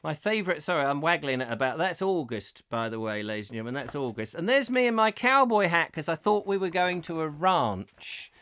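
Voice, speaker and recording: A man's voice: on the high side, sing-song, brisk, hardly any pauses, a bit bright, clear, resonant tone, no echo. Man, live comedy host, rambling banter, dry close sound. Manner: jokey, rambling, self-mocking. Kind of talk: comic live chat show.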